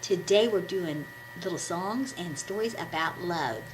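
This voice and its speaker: A woman with a scratchy voice, hoarse from a cold, hosting a children's puppet show and encouraging the kids as a story is read. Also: fairly low pitch, a little slow. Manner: warm, encouraging teacher talk to children. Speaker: puppet ministry host. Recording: steady background noise.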